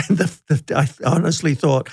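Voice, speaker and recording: A man's voice: fairly high pitch, unhurried, vocal fry, darkish tone, breathy edge, no room sound. A man hosting a podcast, reading an ad and then telling stories in casual chat, laughing often. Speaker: podcast host.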